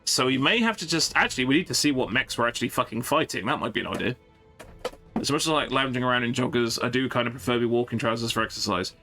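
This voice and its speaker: Jokey excitable man streaming. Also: medium pitch, fast talker, soft background music. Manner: jokey and excitable, stumbling restarts. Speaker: streamer playing a strategy game. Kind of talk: casual live-stream commentary.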